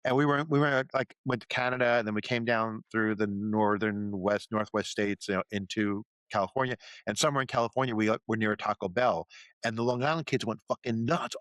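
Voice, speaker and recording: A man's voice: on the low side, no room sound. A man, chatting casually as a podcast co-host and telling stories with lots of restarts and laughs. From Brooklyn, New York. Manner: animated storyteller, quick to laugh, lots of restarts. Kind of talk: casual chat.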